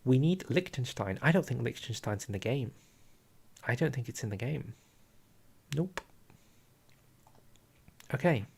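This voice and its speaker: Man, creaky voice, mid pitch, casual stream chatter, out of breath, talks to chat. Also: lively intonation, a little slow, pauses often. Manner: chatty, chats with viewers, trails off into quiet asides. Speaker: streamer reviewing a strategy game dev diary. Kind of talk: casual live-stream commentary.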